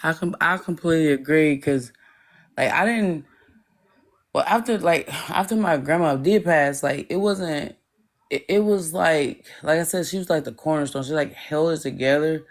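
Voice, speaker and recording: A guest on a livestream talking about losing a grandmother and faith, halting, restarting and filling with "like". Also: medium pitch. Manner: slow, halting, many restarts and "like"s. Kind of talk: casual chat.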